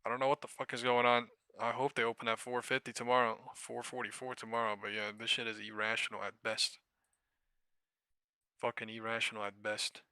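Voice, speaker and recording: Male trading streamer, profane and exasperated, very bright voice, dry close mic. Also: mid-range voice, completely flat delivery, brisk, smooth, dry recording. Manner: profane, exasperated rambling about trades. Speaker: live stock trading streamer. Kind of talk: casual live-stream commentary.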